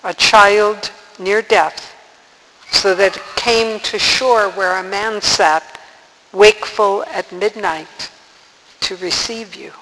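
A man voicing a vast, calm, ancient male lion who speaks slowly and solemnly. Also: high voice, long reverb tail, a little hiss or hum, heavily acted, poor audio. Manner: slow, solemn and measured.

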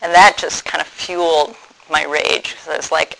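Man with a bright, gravelly voice. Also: fairly high pitch, little pitch movement, a little hiss or hum, low-quality recording. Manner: reflective, halting with frequent ums and restarts. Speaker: speaker sharing his faith story. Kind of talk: personal testimony talk.

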